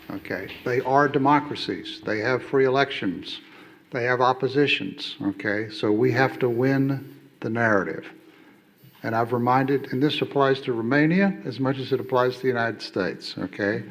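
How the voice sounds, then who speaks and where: A man's voice: mid-range voice, slight background noise. A middle-aged man, an ambassador on a conference panel, making his point emphatically with rhetorical questions and repeated "okay?".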